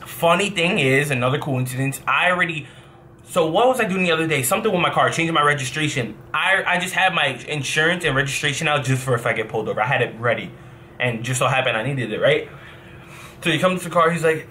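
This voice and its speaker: A young man from New Jersey, a professional gamer, telling a rambling, animated story in a casual vlog and swearing as he backtracks. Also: on the high side, quick pace, slight background noise.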